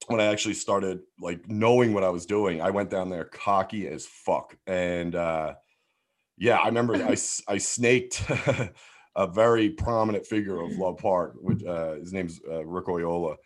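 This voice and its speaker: Deep-voiced man telling stories. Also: a little slow. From Philadelphia, USA. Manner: rambling, heavy swearing, lots of "like" and restarts. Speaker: guest. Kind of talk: casual storytelling in a podcast interview.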